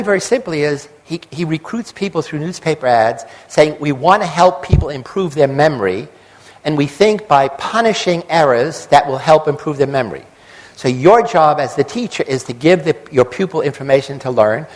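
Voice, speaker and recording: A man's voice: fairly high pitch, rough recording. Emphatic older man lecturing. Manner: emphatic, builds points through lists and acted-out quotes. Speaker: psychologist giving a talk. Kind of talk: public lecture.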